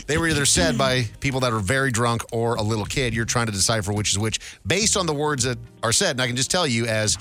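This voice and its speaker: A man hosting a comedy radio game with quick, upbeat banter. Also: medium pitch, animated, sharp tone, faint music behind. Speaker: radio host.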